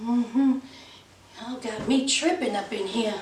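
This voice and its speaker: A woman's voice: on the high side, slow, darkish tone, a little hiss or hum. A woman reviewing a reality show in a sassy, teasing way, full of playful slang. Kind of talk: casual commentary vlog. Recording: roomy, from a distance.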